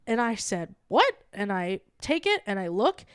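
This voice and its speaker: A young adult woman co-hosting a podcast, telling an animated story in casual chat and acting out the quoted lines. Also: mid-range voice, measured pace, clean tone, no room sound, clean studio sound. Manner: animated, acts out quoted dialogue. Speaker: podcast co-host.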